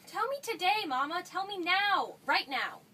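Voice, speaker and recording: A woman's voice: high voice, big pitch swings, brisk, sharp tone, full character voice. An actress playing an eager, insistent fourteen-year-old girl who presses her mother for answers, recorded from a distance. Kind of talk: stage play acting. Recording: distant mic with faint noise.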